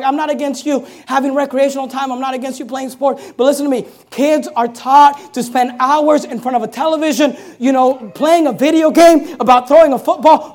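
High-voiced pastor preaching hard. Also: male voice. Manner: emphatic and repetitive, building to loud punches; conversational asides with laughs. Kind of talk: sermon.

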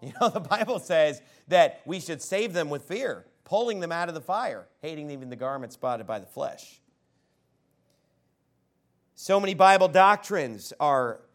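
A man preaching a fiery sermon as a pastor in a church, breaking into sudden shouts. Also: a little high.

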